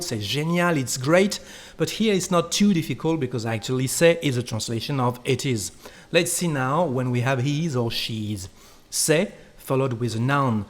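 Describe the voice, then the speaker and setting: A man with a French accent, a native French speaker teaching a recorded language lesson, explaining patiently step by step and repeating each example phrase. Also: mid-range voice.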